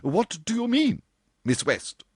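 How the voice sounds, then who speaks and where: A man's voice: sits high, wildly swooping pitch, takes it slowly, slightly rough, no echo, clean studio sound, voice pushed up, exaggerated voice. A man voicing an uncompromising middle-aged woman supervisor, clipped and stern.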